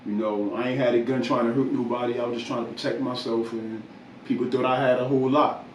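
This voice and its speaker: A man's voice: mid-range voice, steady tone, quick pace, slight background noise. Emphatic man lecturing, roomy distant sound. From New Jersey. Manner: emphatic, lecturing, repeats to drive points home. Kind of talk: casual talk, preaching advice.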